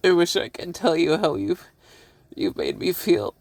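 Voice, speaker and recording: Teary guy talking real slow, gravelly voice, stops and repeats himself, sighs and little laughs in between. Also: high voice, sing-song, no echo. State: tearful. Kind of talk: emotional personal monologue.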